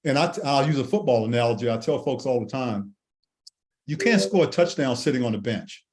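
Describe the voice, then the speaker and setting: Older male guest, sixties, animated storyteller with frequent restarts, mid-pitched voice. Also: a little fast. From Washington D.C. and Maryland, USA. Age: 60s. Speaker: guest, Air Force veteran. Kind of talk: storytelling in a podcast interview.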